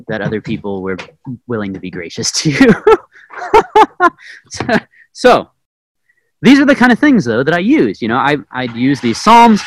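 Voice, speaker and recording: Animated man telling a sermon story. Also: mid-range voice, slight background noise, low-quality recording. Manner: animated, self-mocking, many fillers. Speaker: Bible teacher.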